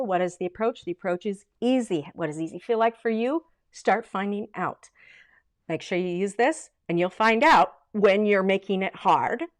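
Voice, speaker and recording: Lively woman vocal coach. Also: fairly high pitch. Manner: lively, demonstrates by singing snippets. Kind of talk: livestream vocal lesson.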